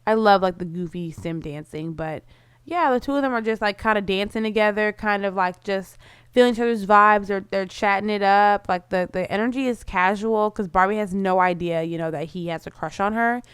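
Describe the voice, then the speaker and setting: A woman's voice: medium pitch, a little fast, smooth, dry recording, clean studio sound. A woman giving casual, bubbly commentary over her life-simulation gameplay, full of "like" fillers. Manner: chatty, bubbly, lots of "like" fillers.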